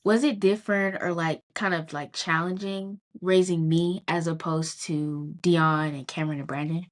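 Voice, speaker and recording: A young woman asking her father a question, tentative and filling pauses with "like". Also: fairly low pitch, fairly even intonation. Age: young adult. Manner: tentative, full of "like".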